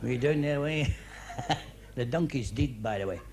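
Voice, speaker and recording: A Scottish comedian performing live stand-up, talking to the crowd in a chatty joke-telling patter full of "you know" and "eh?". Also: male voice, medium pitch, unhurried. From Scotland. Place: comedy club stage before a live audience. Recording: noisy live club recording with audience laughter.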